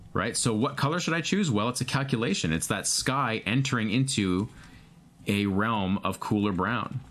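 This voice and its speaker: Guy with a lowish voice walking thru a painting demo, relaxed, thinking out loud. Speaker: painting instructor. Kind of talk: digital painting lesson.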